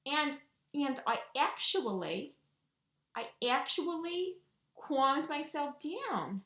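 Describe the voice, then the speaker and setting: A woman's voice: high voice, sing-song, slow pace, a bit bright, reverberant. A woman vlogger telling a personal story in a casual, chatty way, often checking in with the listener. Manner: chatty, keeps checking in with "right?" and "you know".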